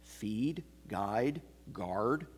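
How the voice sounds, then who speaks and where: A man preaching an expository sermon, slow and emphatic, repeating key phrases. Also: lowish voice, lively intonation, husky. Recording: long hall reverb.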